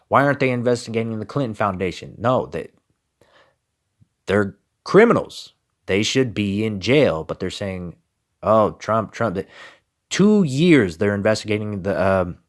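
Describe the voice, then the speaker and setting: A man giving emphatic political commentary and reading scripture, with repeated rhetorical questions. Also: on the low side. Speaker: religious commentator.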